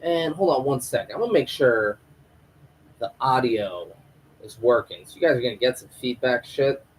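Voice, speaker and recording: A man of middle pitch riffs through a casual live stream recap, swearing freely and wandering off on rants. His delivery is fired-up and loose, spoken into a home microphone with a faint hiss behind him. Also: lively intonation, moderate pace, low-quality recording. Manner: profane, rambling, fired-up. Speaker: host of a live TV episode review stream. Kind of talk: casual live review rant.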